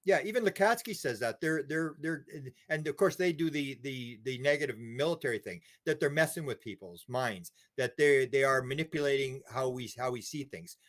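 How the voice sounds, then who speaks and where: A man's voice: mid-range voice, moderate pace, few pauses. Man, interview guest, rambling storyteller, repeats words, acts out voices. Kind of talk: casual interview talk.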